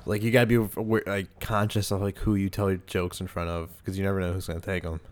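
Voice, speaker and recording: A man's voice: low voice, level tone, quick pace, background noise. A young man from the US hosting a podcast, chatting casually and rambling with lots of fillers and restarts. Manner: loose, rambling, many "like"s and restarts. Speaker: podcast host. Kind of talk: casual chat.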